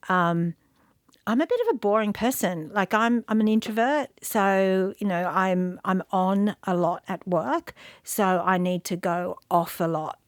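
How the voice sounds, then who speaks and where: A woman's voice: medium pitch, no room sound, clean studio sound. A middle-aged woman speaking as an interview guest, candid and self-deprecating, often restarting her thoughts as she reflects. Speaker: guest, media industry CEO.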